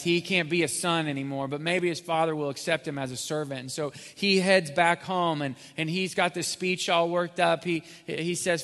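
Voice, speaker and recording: A man preaching a sermon as pastor, rising to loud peaks and dropping to near whisper. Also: on the high side. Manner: builds from quiet to loud, then drops to near whisper. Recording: long hall reverb.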